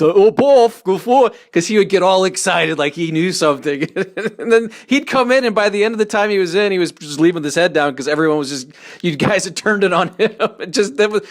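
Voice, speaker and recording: A man hosting a podcast interview over a video call, eager and laughing often. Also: fairly high pitch. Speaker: podcast host. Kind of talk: casual interview.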